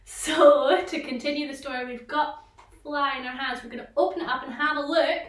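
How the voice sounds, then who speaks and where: A woman tutor leading children through an online vocal warm-up, encouraging them and breaking into loud sound-game exclamations. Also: sits high, steady tone, fairly quick, distant mic. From Scotland. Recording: echoey room, voice a little off-mic.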